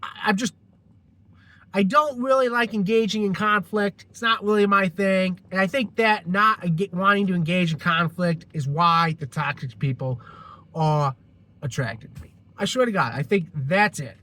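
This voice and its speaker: Male vlogger, high bright voice, casual rant, stumbles and restarts, lots of cursing. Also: moderate pace. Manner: rambling, restarts a lot, heavy swearing. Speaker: vlogger telling a personal story.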